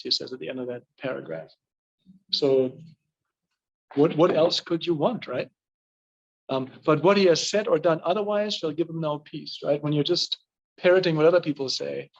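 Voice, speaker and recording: A man leading a group discussion of a reading, talking hesitantly and often checking in with his listeners. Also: a little high. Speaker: discussion leader. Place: church meeting room. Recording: dull, muffled room recording.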